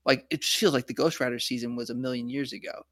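A man's voice: medium pitch, steady tone, fast talker, a bit bright, no room sound, clean studio sound. Rambling man on a podcast. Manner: rambling, filler-heavy. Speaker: podcast co-host. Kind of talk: casual TV recap chat.

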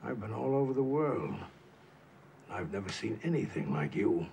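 Gravelly gangster boss. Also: male voice, lowish voice, sing-song, normal speed, darkish tone, lo-fi sound, slight background noise. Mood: curious. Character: smooth menacing 1940s gangster boss, older man. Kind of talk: TV drama acting. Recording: faint background ambience from a TV episode.

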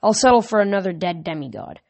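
A mocking, threatening ancient Titan lord from a storybook, as a woman reads him aloud. The voice sits at a middling pitch, and the sound is dry and close with no room around it. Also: expressive, quick pace, gravelly, darkish tone, no echo. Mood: menacing.

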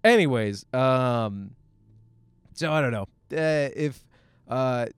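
A young man hosting a solo podcast, ranting in a profane, animated way and laughing through his stories. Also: medium pitch, takes it slowly, smooth, dry recording. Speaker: podcast host.

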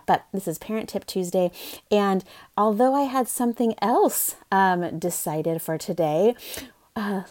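Gravelly-voiced woman hosting a parenting podcast. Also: fairly low pitch, a little mellow. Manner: upbeat, chatty, with fillers. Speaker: podcast host, parenting coach. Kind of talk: casual podcast talk.

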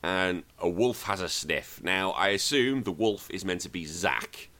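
A podcast host with a low, forceful voice, walking through a film scene by scene. He swears freely and gets animated as he recaps in loose, casual chat. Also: a little slow. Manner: profane, animated scene-by-scene retelling. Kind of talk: casual movie review chat.

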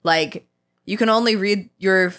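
A woman's voice: mid-range voice, measured pace, fairly bright tone. A woman co-hosting a casual podcast, blunt, swearing casually and laughing often.

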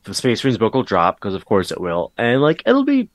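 A fairly low-voiced man gives wry, skeptical takes in casual podcast chat, filling gaps with likes and you-knows. The recording is dry and close. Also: wildly swooping pitch, a little fast, dry recording. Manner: wry and skeptical, many fillers. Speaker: podcast co-host.

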